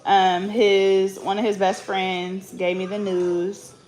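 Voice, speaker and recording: A woman's voice: medium pitch, flat delivery, takes it slowly. Slangy woman, noisy room. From Bay Area, California. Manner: loose, slangy and joking, with bursts of loud scolding. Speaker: vlogger. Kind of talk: casual chat.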